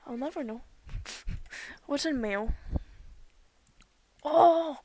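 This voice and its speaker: A young woman giving casual commentary while playing a game, excitable, with loud outbursts and whispered asides. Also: on the high side, slow pace. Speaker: gaming streamer.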